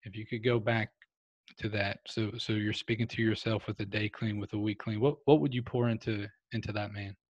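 A man's voice: fairly low pitch, steady tone, brisk, dry recording, muffled recording. A man hosting a recovery podcast, talking earnestly with many restarts. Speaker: podcast host.

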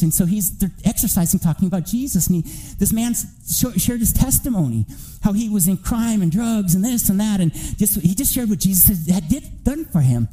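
Bright high-voiced man preaching. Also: a little fast, rough recording. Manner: storytelling, animated, rising to near-shouting. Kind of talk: sermon testimony.

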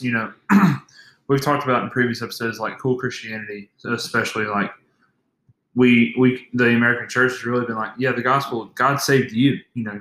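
A man's voice: mid-range voice, pushed and bright. A young man co-hosting a faith podcast, speaking earnestly and emphatically. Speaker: podcast co-host. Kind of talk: casual faith podcast talk. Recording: echoey room.

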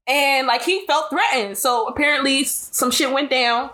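A woman's voice: high-pitched, normal speed, sharp tone. A young woman co-hosting a podcast, chatting in slangy casual talk and telling a story with frequent laughs. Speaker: podcast co-host. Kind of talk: casual chat.

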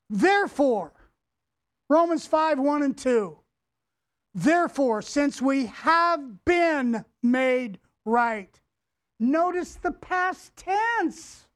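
A man's voice: extremely high pitch, expressive, takes it slowly. A male pastor preaching a sermon, emphatic, repeating key words and having the congregation say them back. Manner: addresses the congregation directly.

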